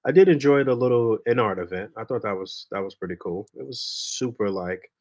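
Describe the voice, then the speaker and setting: A man hosts a podcast and talks in an easy, laid-back way. He swears freely and trails off with fillers. His voice sits a little low. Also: expressive, brisk, darkish tone. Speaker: podcast host. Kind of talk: casual chat.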